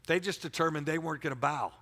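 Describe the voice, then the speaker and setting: Man, preacher, sermon, casual and energetic, stammering restarts, forceful voice, long church reverb. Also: a little high, quick pace. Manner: energetic, colloquial, repeats himself, stumbles over words. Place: church sanctuary.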